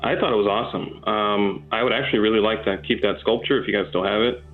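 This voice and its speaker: A man's voice: lowish voice, fairly even intonation, quick pace. Mock-earnest man on a tinny line. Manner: mock-earnest, rambling with fillers. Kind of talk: casual joking chat. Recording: tinny phone-like line with faint music.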